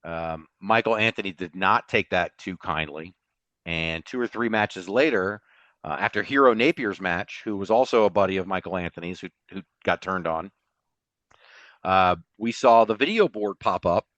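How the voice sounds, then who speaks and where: Animated storytelling man, dry mic. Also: sits low, normal speed, no room sound, lo-fi sound. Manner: storytelling, animated, laughs often. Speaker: podcast co-host. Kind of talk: casual podcast chat.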